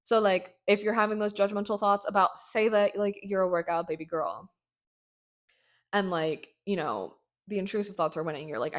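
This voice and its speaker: A young woman talks through her solo podcast in a loose, rambling way. She leans on filler words and drops swear words between jokes. Her voice sits at a middling pitch for a woman. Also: normal speed. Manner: chatty, filler-heavy, irreverent, swears and jokes. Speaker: podcast host.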